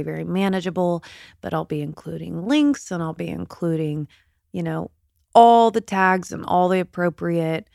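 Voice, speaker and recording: Low-voiced woman hosting a podcast. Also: no room sound, clean studio sound. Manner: emotional, chatty and confiding. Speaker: podcast host. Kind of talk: casual solo podcast talk. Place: in bed at home.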